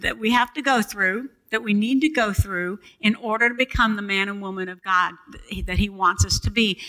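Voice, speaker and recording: An older woman preaching a sermon in a church on a boom mic, calling out to the congregation for responses. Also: pushed and bright, low-quality recording.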